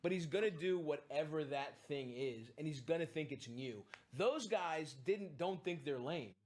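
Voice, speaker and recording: A man's voice: a little high, animated, moderate pace, a little mellow. A man in casual stream chat, mocking someone with sneering laughter.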